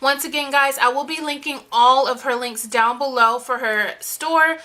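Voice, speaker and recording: Bright-voiced young woman gushing on camera. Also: high voice, moderate pace. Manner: gushing, chatty, lots of "you guys" and "like". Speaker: vlogger. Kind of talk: unboxing vlog chat.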